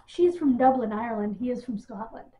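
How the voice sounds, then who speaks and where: A woman's voice: fairly high pitch, a little fast, dark tone. A woman giving a casual, exasperated wrestling news rant, sarcastic and full of ums. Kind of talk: casual ranting monologue. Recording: tinny phone-like audio.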